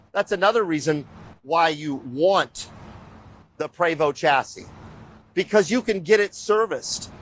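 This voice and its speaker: An energetic middle-aged show host gives viewers a casual walking tour, rambling animatedly and often calling them "you guys." His voice is high-pitched, and the recording is rough.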